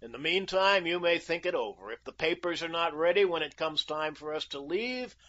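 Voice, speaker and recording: A man's voice: on the high side, expressive, moderate pace, sharp tone, pitched above the performer's own voice. A man voicing a brash, cool-headed young American. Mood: mocking, confident. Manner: cool, bargaining and mocking. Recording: dull lo-fi audio.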